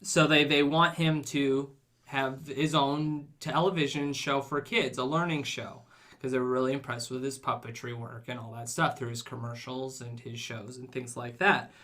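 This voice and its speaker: A man co-hosting a podcast, talking in a relaxed, conversational way with frequent fillers. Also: mid-range voice, normal speed. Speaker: podcast co-host. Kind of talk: casual chat.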